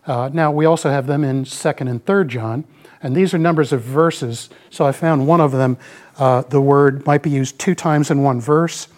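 A man's voice: mid-range voice, moderate pace, a little mellow. A man in his mid-sixties giving a folksy, rambling church talk, peppered with "you know.". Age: 60s. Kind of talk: informal sermon with slides.

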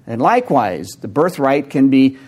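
A man preaching an expository sermon to his congregation, explaining word meanings in a measured way with occasional fillers, and pausing to ask the listeners questions. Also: mid-range voice, sing-song, a little mellow. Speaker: pastor.

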